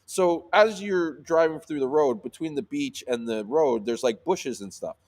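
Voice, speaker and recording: A man telling a story in casual chat, animated, swearing freely and using lots of fillers. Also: a little high, moderate pace. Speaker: sea moss seller.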